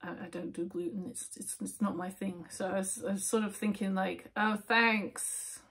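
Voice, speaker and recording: Husky woman reading tarot. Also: medium pitch, little pitch movement, a little fast, a little mellow. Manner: chatty, with frequent fillers, dropping to near-whispers at times. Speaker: tarot reader. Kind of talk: casual tarot reading to camera.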